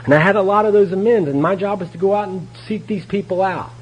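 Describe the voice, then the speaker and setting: A man's voice: high-pitched, fast talker, slight background noise, poor audio. A man giving a candid, folksy talk at a recovery meeting, telling his story with laughs along the way. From Texas. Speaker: AA meeting speaker. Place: meeting room.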